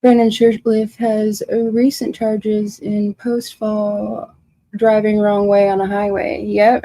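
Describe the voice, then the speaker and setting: A woman's voice: medium pitch, flat delivery, takes it slowly, dark tone, no echo, poor audio. Emotional woman hosting a livestream. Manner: emotional, confrontational, addresses viewers by name. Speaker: livestream host. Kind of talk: casual livestream chat reading viewer comments.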